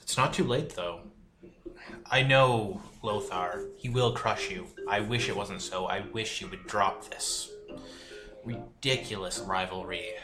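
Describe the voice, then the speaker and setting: A man voicing a courtly, weary vampire count in a calm, measured way. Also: lowish voice. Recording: echoey room with faint music.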